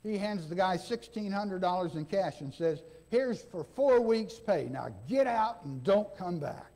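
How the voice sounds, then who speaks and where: A man's voice: sits high, animated, measured pace, mellow. A man preaching a sermon as interim pastor, folksy and conversational, often checking in with the congregation and acting out the quoted dialogue. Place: church sanctuary.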